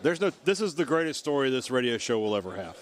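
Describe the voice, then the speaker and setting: A man's voice: mid-range voice, very animated, fast talker. A man co-hosting a radio show, reacting to a guest's story with playful jokes. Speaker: radio co-host. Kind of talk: casual studio banter.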